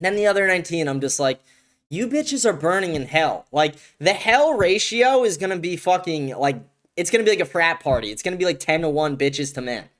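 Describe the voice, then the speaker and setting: A young man with a slightly high voice, hosting his own live-stream commentary show. He rants in heated, profane bursts and hammers the same phrases again and again. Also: lively intonation, a little fast, few pauses, a bit bright. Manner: heated, profane ranting with heavy repetition. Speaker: show host.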